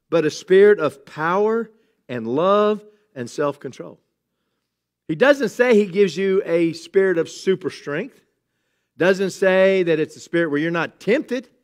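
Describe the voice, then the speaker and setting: A middle-aged man, a pastor, giving a sermon in a conversational way, with humorous asides and emphatic exclamations. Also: a little high.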